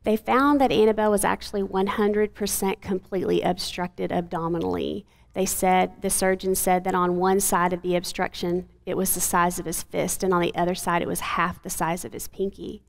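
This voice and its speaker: Brief: woman, 40s, gravelly creaky edge, earnest halting testimony. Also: fairly low pitch, flat delivery. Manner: earnest, halting with frequent fillers. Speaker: guest, mother of a sick child. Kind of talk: emotional personal testimony in an interview.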